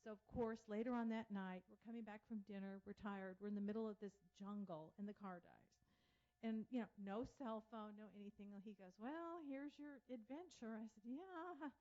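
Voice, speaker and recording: A woman gives a casual public talk, telling anecdotes in a chatty style and acting out what others said with animation. Her voice is medium-pitched and fairly quick, and the recording sounds dull and lo-fi.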